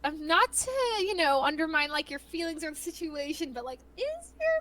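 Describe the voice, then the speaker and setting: High bright-voiced young woman. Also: big pitch swings. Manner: chatty, candid, quick to laugh. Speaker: guest streamer. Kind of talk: casual chat.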